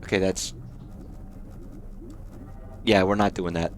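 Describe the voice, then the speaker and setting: A man's voice: lowish voice, expressive, normal speed, fairly bright tone, a little hiss or hum. A man hosting a let's play, muttering and swearing at the screen, with startled reactions. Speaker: host of a gaming channel.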